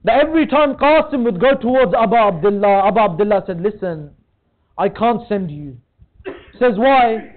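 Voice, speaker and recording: A man's voice: high-pitched, animated, moderate pace. A man narrating a mourning sermon, his voice rising into a tearful lament. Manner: recites in a rising lament, voice breaking toward tears. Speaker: speaker at a mourning gathering. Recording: tinny phone-like sound.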